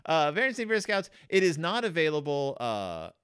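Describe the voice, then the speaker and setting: Lively man hosting a book chat. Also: fairly high pitch, smooth. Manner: animated, quick to laugh, lots of fillers. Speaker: podcast host. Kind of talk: casual book discussion.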